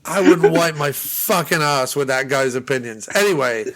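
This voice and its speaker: A man's voice: medium pitch, lively intonation, normal speed, fairly bright tone, low-quality recording. A man co-hosting a casual movie podcast, riffing and swearing freely, laughing often. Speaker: podcast co-host. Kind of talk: casual chat.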